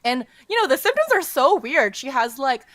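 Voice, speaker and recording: Young woman, podcast co-host, casual animated chat, higher voice, dry sound. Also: moderate pace, dry recording. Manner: animated retelling, full of "like" and swearing.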